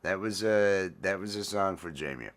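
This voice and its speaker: A relaxed man chatting on his own livestream, drifting from thought to thought and saying things twice. His voice sits on the low side. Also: normal speed. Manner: laid-back, rambling, repeats phrases, greets viewers by name. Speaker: livestream host. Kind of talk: casual livestream chat.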